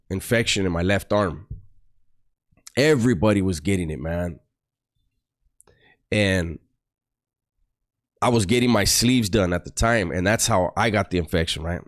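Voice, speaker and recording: A man tells his story in a slightly low voice. He talks bluntly and casually, with a streetwise, profane edge. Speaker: former prisoner telling his story.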